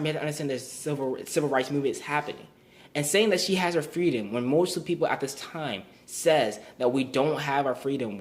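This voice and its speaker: A young man giving a recorded class presentation, earnest and explanatory, often restarting and repeating words. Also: on the high side. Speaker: student presenter.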